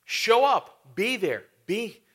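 Bright-voiced preacher, man. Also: high voice, sing-song, slow pace. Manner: conversational, with rhetorical questions and fillers. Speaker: pastor. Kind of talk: sermon.

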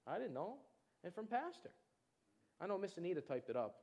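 A man preaching, telling a personal testimony in an animated storytelling way and acting out other people's voices. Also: sits high, brisk. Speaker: pastor. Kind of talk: testimony in a church sermon.

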